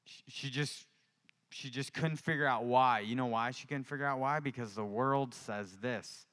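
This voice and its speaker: A man preaching to a congregation with a bright, forceful voice that rings crisp and smooth. He tells his testimony in a loose, conversational way, then presses the listeners with fervent calls to act. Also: medium pitch, moderate pace. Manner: conversational storytelling building to fervent exhortation. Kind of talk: sermon with personal testimony.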